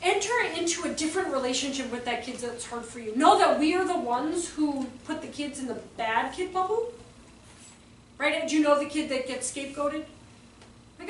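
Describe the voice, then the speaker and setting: High-voiced animated woman leading a workshop. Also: normal speed. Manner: animated, acts out voices and exclamations. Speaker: early childhood trainer. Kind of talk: workshop talk to teachers. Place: room with a live audience. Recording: roomy echo, voice from a distance, faint background noise.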